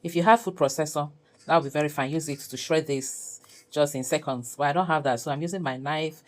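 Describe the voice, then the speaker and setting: Low-voiced woman teaching a cooking recipe. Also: fairly quick, poor audio. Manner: chatty, laughs often, talks viewers through each step. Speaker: cooking channel host. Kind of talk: casual cooking tutorial narration.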